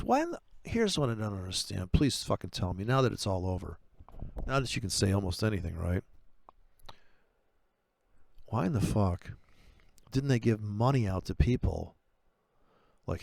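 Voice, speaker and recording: A man who trades currencies, ranting about trading robots in a sarcastic, foul-mouthed way, with his voice leaping much higher whenever he gets worked up. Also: sing-song, a little slow, vocal fry, pauses often, a little mellow, no room sound, studio quality. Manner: voice jumps far higher when he gets worked up. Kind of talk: profane ranting commentary over chart playback.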